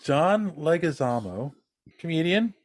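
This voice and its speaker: A man's voice: a little high, very animated, unhurried, no room sound, studio quality. A man co-hosting a podcast, casually introducing topics and talking through his take. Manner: conversational, restarts, sets up topics. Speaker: podcast co-host. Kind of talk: casual chat.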